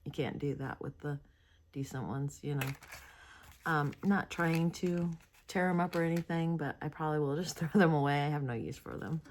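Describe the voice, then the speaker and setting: A sleepy, yawning woman hosts a crafting video, talking in a loose, rambling way full of hesitations. Her voice sits low in pitch. Faint noise can be heard behind her. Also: normal speed. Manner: rambling and chatty, with frequent hesitations. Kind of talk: casual product review chat.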